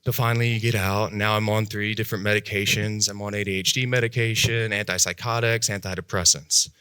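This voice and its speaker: A man telling his own life story in a talk, animated, jumping high in pitch and dropping to hushed tones as he acts out voices. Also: fast talker, clear, resonant tone, dry recording, clean studio sound. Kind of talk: dramatic personal storytelling talk.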